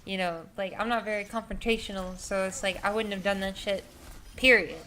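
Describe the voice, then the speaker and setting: A woman's voice: medium pitch, fairly even intonation, fairly quick, bright, forceful tone, a little hiss or hum. A young woman vlogger telling a story in a casual, rambling way, full of filler words and swearing.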